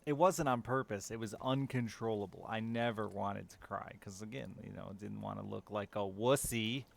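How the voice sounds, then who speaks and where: A man's voice: on the low side, moderate pace, creaky. A man chatting casually and candidly with his stream viewers, openly talking about his feelings and swearing now and then. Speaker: live streamer.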